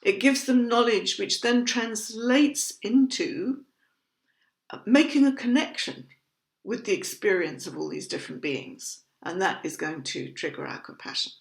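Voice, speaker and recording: A woman teaching about Buddhism in a measured, thoughtful educational talk, patiently explaining terms. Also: mid-range voice, expressive, gravelly. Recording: roomy echo.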